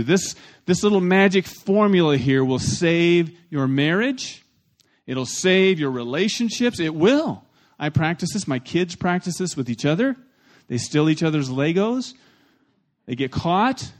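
A man preaching a sermon in a fairly high voice. He swings between loud, emphatic lines and soft asides. He talks plainly and bluntly and gets the congregation to repeat phrases after him. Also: expressive, moderate pace. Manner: plain-spoken, with blunt humor. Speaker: pastor.

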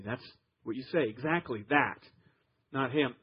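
A man preaching a sermon, grew up in Iowa, telling stories with emphatic swings from loud to soft. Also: mid-range voice, moderate pace, slightly rough, dull audio. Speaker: pastor.

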